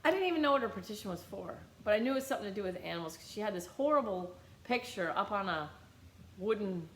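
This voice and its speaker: A middle-aged American woman telling a story on her vlog, blunt and animated, swearing freely. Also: mid-range voice, quick pace, echoey room, a little hiss or hum. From United States. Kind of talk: casual storytelling.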